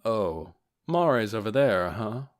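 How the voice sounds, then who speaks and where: A man voicing a calm, measured undead male overlord in an audiobook. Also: lowish voice. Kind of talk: audiobook character voice.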